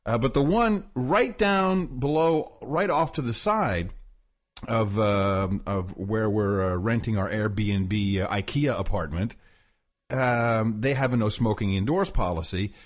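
A man's voice: fairly low pitch, a little slow. A man co-hosting a podcast in casual chat, rambling and laughing often as he tells stories. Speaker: podcast co-host. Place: rented apartment abroad.

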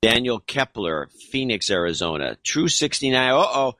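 A man's voice: mid-range voice, sing-song, normal speed, pushed and bright, no echo. A man co-hosting a podcast, reading listener donations aloud with dry, wry asides in casual chat.

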